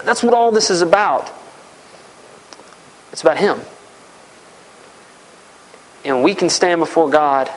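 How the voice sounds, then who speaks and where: A man's voice: fairly high pitch, poor audio. A man preaching a sermon, earnest and repetitive, often voicing heartfelt prayers aloud.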